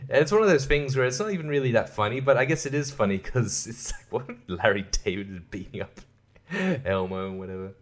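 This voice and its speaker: A man's voice: medium pitch, quick pace. Profane ranting man. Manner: profane, ranting, laughs often; drops to hushed asides. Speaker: podcast host. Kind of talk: solo podcast rant.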